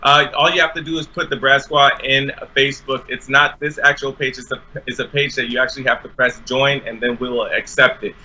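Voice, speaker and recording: A man's voice: medium pitch, little pitch movement, a little fast, hardly any pauses, pushed and bright, muffled recording. A young man co-hosting a live stream, giving upbeat promotional announcements to viewers. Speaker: co-host.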